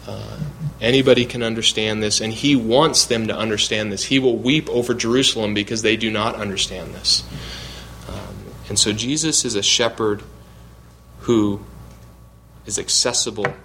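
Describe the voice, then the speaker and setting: A man preaching a verse-by-verse sermon. He asks questions and answers them himself, and he slows down to press his key points. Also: mid-range voice, fairly bright tone, a little hiss or hum. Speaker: pastor. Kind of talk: expository sermon.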